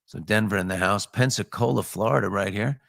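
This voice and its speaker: A middle-aged man with a low voice hosts a casual morning show, greeting viewers in a bouncy, upbeat way. The sound is dry and close, recorded in a home studio. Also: a little fast, gravelly, no echo. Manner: upbeat, shouting out viewers with jumps in pitch. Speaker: host.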